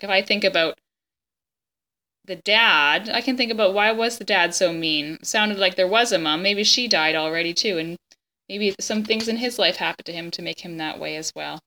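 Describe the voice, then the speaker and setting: A woman reads a children's chapter book aloud, gentle and expressive, pausing now and then to talk the story over with young listeners. Her voice is bright and clear, at an ordinary middle pitch. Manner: gentle, expressive, pauses to explain.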